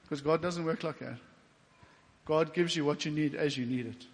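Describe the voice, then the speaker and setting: A South African man gives a heartfelt testimony sermon, his fairly high voice ringing through a church hall with a long tail of reverb. He talks in a loose, conversational way, voicing his own thoughts in quotes, and his feelings stay close to the surface. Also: brisk. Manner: emotional, getting teary at times; conversational with fillers and quoted inner speech. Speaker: preacher.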